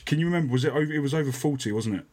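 A man hosting a casual fitness podcast, chatty and quick to laugh, often restarting his sentences. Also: mid-range voice, a little mellow. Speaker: podcast host.

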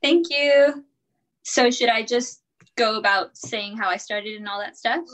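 In a low-quality recording, a woman in her twenties, a college student and personal trainer, chats easily as a guest in a casual podcast interview. Her voice is bright and forceful, pitched a little high, and she speaks a little slowly. Upbeat and talkative, she laughs now and then and leans on "like" and "um" while telling her story.

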